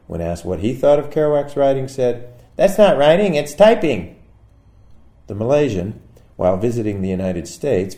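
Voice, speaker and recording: A man reading his own poem in a wry, musing way, with sudden loud outbursts. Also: low voice, echoey room. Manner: wry, musing delivery with sudden bursts of loudness. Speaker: poet. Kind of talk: poetry reading.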